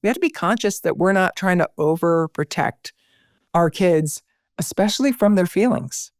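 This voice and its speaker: A middle-aged woman, a podcast guest, telling lively stories and acting out the voices she quotes. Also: on the low side, moderate pace, no echo, studio quality. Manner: animated storyteller, acts out quoted voices. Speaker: podcast guest, broadcaster and speaker. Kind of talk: conversational interview.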